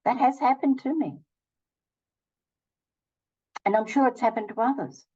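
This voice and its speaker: A woman's voice: on the high side, measured pace, darkish tone, slightly rough, highs cut off. An older woman hosting her own channel, telling a personal story casually and acting out both sides of each conversation. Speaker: channel host.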